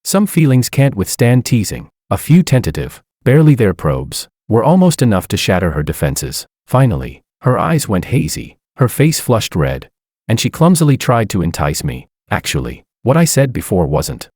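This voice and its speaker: A man with a deep voice narrates a first-person story, smug and amused. His delivery rises and falls in a lively way. The recording is close and dry. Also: normal speed, dry recording.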